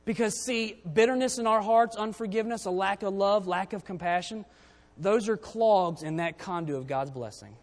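Male preacher, fairly high voice, church sermon mixing scripture reading with plain talk, long hall echo. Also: normal speed. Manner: reads King James verses aloud, then explains them conversationally.

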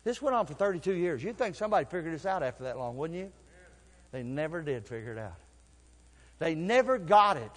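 An older pastor preaches with a high voice, telling folksy stories in low asides before rising to shouted calls. His words ring out with a long reverb, as in a church sanctuary. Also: sing-song, fairly quick. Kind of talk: sermon.

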